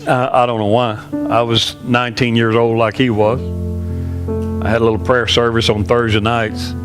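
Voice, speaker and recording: A man in his sixties, a pastor, telling an earnest story in a sermon, halting and often repeating himself. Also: mid-range voice, flat delivery, over music. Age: 60s.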